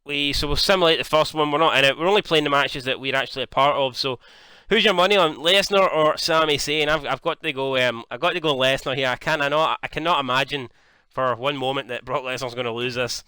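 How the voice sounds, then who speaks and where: A young man from Scotland giving casual, jokey commentary on a wrestling video game, swearing freely and getting excited. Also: mid-range voice, fast, few pauses, clear, resonant tone, no echo. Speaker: gaming YouTuber.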